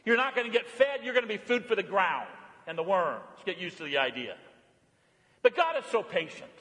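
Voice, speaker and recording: A male pastor preaching a sermon, animated, rising high and loud on exclamations and dropping low and quiet on reflective lines. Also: a little fast, big-room sound.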